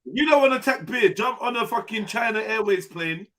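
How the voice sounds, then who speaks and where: A man hosts a casual live-stream panel, animated and incredulous, ribbing people with street slang. His voice sits high for a man and has a bright, forceful edge. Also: fairly quick. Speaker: live panel show host.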